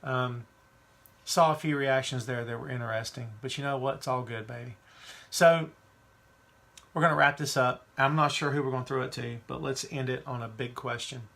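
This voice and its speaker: A man's voice: medium pitch, steady tone, moderate pace, gravelly, a bit bright. A man hosting a wrestling podcast, talking casually and giving strong opinions while reading viewer questions. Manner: chatty, opinionated, reads live chat questions. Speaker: podcast host.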